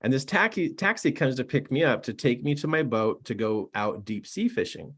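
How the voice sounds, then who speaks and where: A middle-aged man, a personal development coach, telling stories and giving a motivational talk in an excitable, animated way. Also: mid-range voice, normal speed. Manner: animated and excitable, laughs at his own stories. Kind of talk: storytelling to camera, motivational talk.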